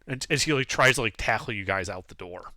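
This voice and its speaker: Guy game-mastering a tabletop game, bright lively voice, rambly with lots of uhs, dry close mic. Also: fairly low pitch, a little fast, no echo. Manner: animated, rambling with many fillers.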